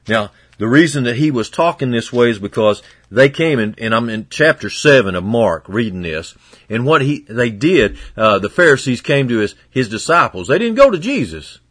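A man preaching a sermon in a folksy, conversational way, swinging between loud and hushed. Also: mid-range voice, lively intonation, moderate pace, slightly rough, no room sound, studio quality.

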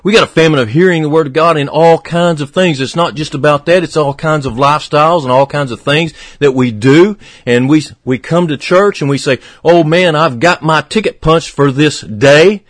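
A man preaching a fervent radio sermon, swinging from emphatic peaks to hushed, low passages. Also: brisk, few pauses, no room sound.

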